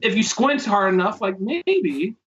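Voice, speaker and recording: A man with a high, bright voice hosts a casual podcast chat. He rambles through stories and swears freely. The sound is a little dull and lo-fi. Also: sing-song, measured pace. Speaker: podcast host.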